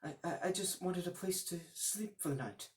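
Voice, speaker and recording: A man's voice: high voice, normal speed, echoey room, recorded from a distance, voice pushed up, natural voice. A man voicing a nervous, stammering young poor cattle herder in a storybook tale.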